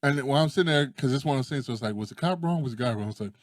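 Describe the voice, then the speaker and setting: A man's voice: medium pitch, very fast, no echo, clean studio sound. A man in casual chat, telling stories with lots of energy, acting out quotes and swearing freely. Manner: animated storyteller who acts out quotes and swears freely.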